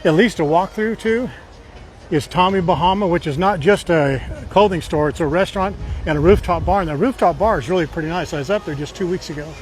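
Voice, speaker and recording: A man's voice: sits high, brisk. A man rambling casually as he guides a walking live stream through city streets, telling stories with fillers. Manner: chatty, rambling, with fillers and storytelling. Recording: faint street noise outdoors.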